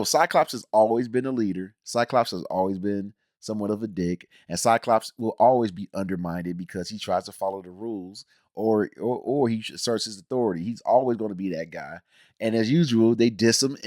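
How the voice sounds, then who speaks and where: A man rants through a show review, exasperated and blunt, with slangy talk and lots of restarts. His voice sits at an ordinary middle pitch. The sound is close and dry, with no room around it. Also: no room sound. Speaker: video reviewer.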